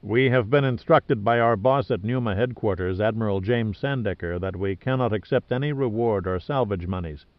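A man voicing an exhausted male adventurer who talks in a weary, flat, understated way. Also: fairly low pitch, normal speed, few pauses, no echo, lightly acted. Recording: dull lo-fi dry recording.

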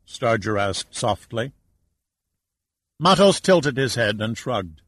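A man's voice: mid-range voice, dry recording, low-quality recording. Man reading an audiobook, dry and close. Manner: even, measured reading. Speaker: audiobook narrator. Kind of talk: scripted narration.

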